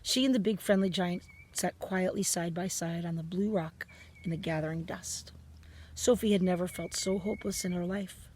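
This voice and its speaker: A woman reading a children's storybook aloud in a calm, soft-spoken way. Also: lowish voice, normal speed, a little hiss or hum. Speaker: narrator.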